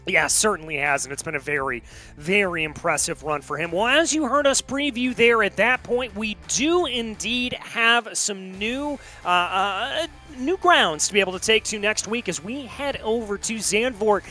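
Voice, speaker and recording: A man commentating an online racing broadcast with a high, bright voice. He talks upbeat and runs through standings at a steady clip, with faint music underneath. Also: moderate pace.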